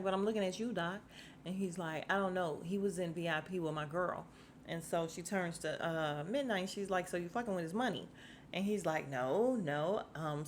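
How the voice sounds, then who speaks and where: Woman, podcast host, casual recap chat, low voice, faint background noise. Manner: chatty, reacts with laughs and retells scenes in quoted voices.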